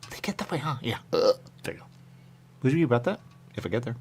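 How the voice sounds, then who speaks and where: Male radio host, rambling banter, lively swooping delivery with gravel in the voice. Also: medium pitch, quick pace. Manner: rambling, jokey, repeats catchphrases. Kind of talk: loose banter among co-hosts.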